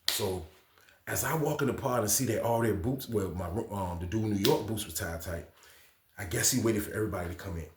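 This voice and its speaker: A man's voice: lowish voice, fairly quick, a little hiss or hum. A man casually telling a prison story to his viewers, with a lot of slang and repeated phrases. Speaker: storytime channel host. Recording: echoey room.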